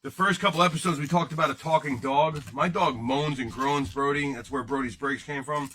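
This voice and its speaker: A man's voice: fairly high pitch, steady tone, fairly quick, sharp tone. A man hosting a card-breaking livestream, rambling and joking casually with his viewers in chat.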